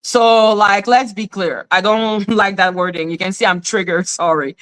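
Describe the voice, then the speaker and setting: A woman's voice: medium pitch, steady tone, moderate pace, a bit bright. A woman hosting a live stream, ranting with indignation in blunt, profane talk and repeating her points over and over. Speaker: livestream host. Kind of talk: heated live commentary. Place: in Canada.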